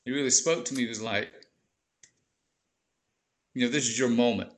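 A man's voice: mid-range voice, steady tone, moderate pace, slight background noise. A man, a bishop, telling his faith story on a podcast in an earnest, heartfelt way, often saying "man". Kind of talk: emotional testimony in casual chat.

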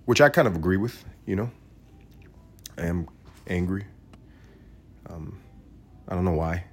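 A man hosting a solo comedic podcast, ranting in a profane, sarcastic way that swings from loud outbursts to low mumbling. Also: a little slow, long pauses, husky. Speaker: podcast host.

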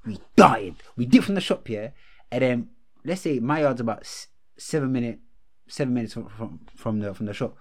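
Young man, casual chat, animated storyteller with heavy slang. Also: medium pitch, moderate pace. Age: young adult.

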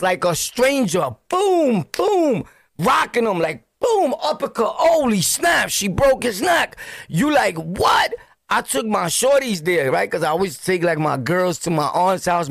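A man's voice: high voice, animated, moderate pace, creaky, a bit bright, no echo. A man with a Brooklyn accent telling a story on his podcast, laughing and throwing in sound effects and street slang. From Brooklyn, New York. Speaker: podcast host. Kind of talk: casual storytelling.

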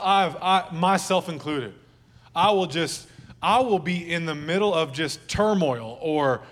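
A man's voice: a little high, fairly bright tone, big-room sound. A male pastor preaching a sermon at a church service in a conversational, joking way, with asides to the congregation.

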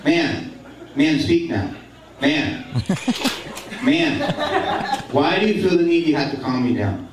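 A man's voice: a little high, very animated, slow, long pauses, background noise. A male stand-up comedian on stage, angry but laughing, swearing at the crowd. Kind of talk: live stand-up crowd work. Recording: echoey live club, distant mic, loud crowd. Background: audience laughing.

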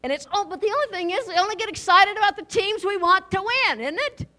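High bright-voiced woman preaching folksy. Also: fast. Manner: lively and folksy, with rhetorical questions to the congregation. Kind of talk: conversational sermon. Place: church.

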